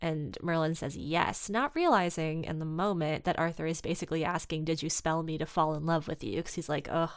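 A woman with a low, smooth voice in casual chat, recapping a story and slipping into the characters' lines as she goes. The sound is dry and close, with no room around it. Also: brisk, hardly any pauses, no room sound. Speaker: podcast co-host discussing fan fiction.

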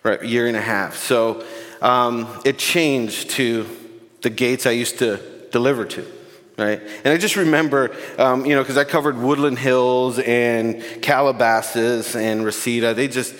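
A man gives a sermon in a casual, warm-hearted way, joking and getting emotional with the congregation. His voice carries a long reverb from the church hall. He sits at a mid pitch. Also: steady tone, measured pace. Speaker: guest preacher. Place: church sanctuary.

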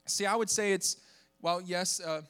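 A young pastor from the American South preaches to his congregation in a voice high for a man, clear and resonant, at a moderate pace. He's animated and cracks jokes, pushing up into shouts for emphasis.

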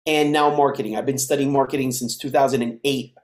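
Animated man telling stories in a roomy space. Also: medium pitch, quick pace. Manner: animated storyteller who acts out dialogue. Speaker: podcast guest. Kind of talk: casual storytelling interview. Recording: roomy echo.

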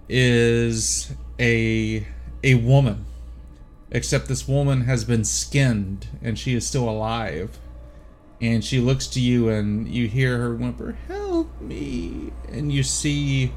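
A man's voice: mid-range voice, slight background noise. A man narrating as game master of a tabletop role-playing game, casual and full of fillers and restarts.

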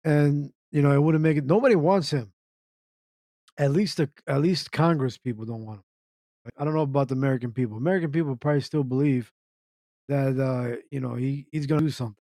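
A man's voice: medium pitch, fairly quick, warm tone, dry recording, studio quality. A man hosting an internet radio show, ranting in a casual live commentary, repeating himself and firing off rhetorical questions while reacting to chat. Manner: ranty, repetitive, asks rhetorical questions.

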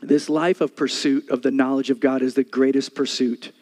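An older man preaching a sermon as a pastor, passionate, moving between soft storytelling and loud repeated declarations. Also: mid-range voice, level tone, normal speed, hardly any pauses.

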